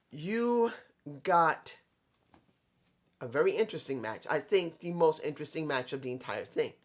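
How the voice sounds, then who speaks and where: A man from New York with a New York accent, giving an opinionated, rambling wrestling recap in a casual, blunt way. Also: on the high side. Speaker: wrestling commentator.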